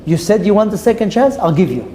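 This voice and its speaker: A man's voice: high voice, very animated, fast, dark tone. A man who is a rabbi, teaching a Torah class by telling a story with dramatic voices for the people in it and Hebrew terms mixed in. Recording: long reverb with faint ambient noise.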